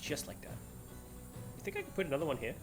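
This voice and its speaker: A man's voice: a little high, wildly swooping pitch, quick pace. A man chatting live while streaming a game, rambling playfully and laughing at himself. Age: adult. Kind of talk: live gameplay chat. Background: game music.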